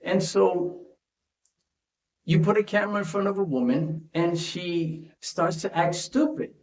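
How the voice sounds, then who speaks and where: This commentary host's voice sits high and moves at a normal speed as he chats through a casual monologue, ending his points with "right?". His recording carries a roomy echo.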